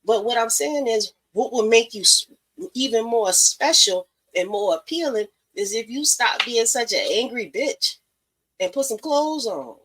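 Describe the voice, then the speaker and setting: A woman's voice: fairly high pitch, animated, measured pace, fairly bright tone, husky, poor audio. Blunt, profane woman giving advice. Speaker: podcast host. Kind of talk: casual live-stream monologue.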